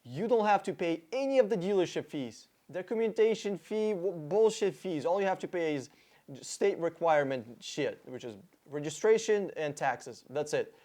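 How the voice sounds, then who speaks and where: A man's voice: on the high side, expressive, normal speed, dark tone. A man hosting a car-buying video, reacting to an interview clip with blunt, profane sarcasm and mock emotion.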